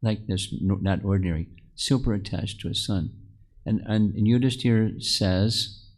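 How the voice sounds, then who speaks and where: A man's voice: lowish voice, moderate pace, darkish tone. A man teaching a scripture class to a live group. He tells the stories as he goes, asks the listeners questions, and often restarts or repeats words. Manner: storytelling, asks the audience questions. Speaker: spiritual teacher.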